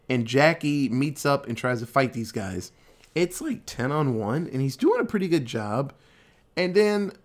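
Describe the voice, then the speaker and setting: A podcast host recaps a film in a laid-back, jokey casual chat, acting out characters with little voices in quick asides. He's a man whose pitch sits in an ordinary middle range.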